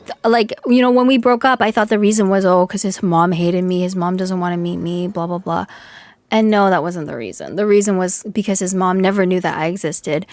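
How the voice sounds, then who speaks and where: A young woman streamer venting in casual live chat, talking fast with lots of "like", her voice a bit hoarse from yelling. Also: on the low side, dry recording.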